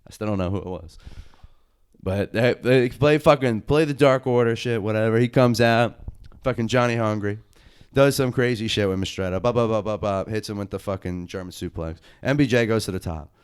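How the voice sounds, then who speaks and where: Smooth low-voiced young man. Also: fairly quick. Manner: loose, excited storytelling full of slang and swearing. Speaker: podcast co-host and indie wrestler. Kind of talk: casual profane chat.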